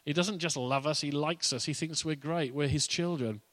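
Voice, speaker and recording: A man's voice: fairly high pitch, moderate pace, a bit bright, dry recording. A man preaching a sermon as a pastor, in a conversational, playful way with asides.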